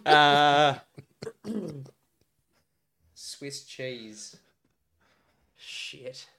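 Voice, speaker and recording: Bright-voiced Australian man, rambling. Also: fairly high pitch, expressive, extremely slow, long pauses, clear, resonant tone. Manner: rambling, thinks aloud with many fillers. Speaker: podcast co-host. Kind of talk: casual podcast chat.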